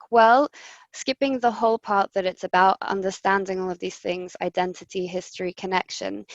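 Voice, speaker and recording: A woman's voice: medium pitch, no echo, muffled recording. Woman coaching voice exercises on a call. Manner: friendly instructive, many ums. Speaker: voice coach presenter. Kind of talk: guided voice exercises over video call. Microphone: computer mic on video call.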